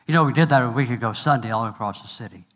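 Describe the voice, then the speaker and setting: A middle-aged male pastor preaching a sermon, asking "amen?" and slowing down to stress each point. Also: mid-range voice, a bit bright. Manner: preaching with call-and-response and numbered points; slows to stress phrases, quick asides.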